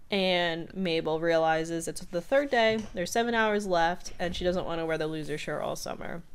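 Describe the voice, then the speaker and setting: A woman's voice: lowish voice, smooth. Giggly woman recapping a cartoon. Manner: animated retelling, quick voice switches for quotes, frequent giggles. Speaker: podcast co-host. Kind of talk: casual episode recap chat.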